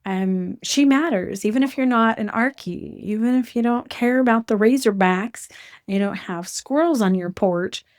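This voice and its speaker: A woman hosting a casual conversation, talking in an animated, talkative way with quick asides. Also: on the high side. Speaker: host.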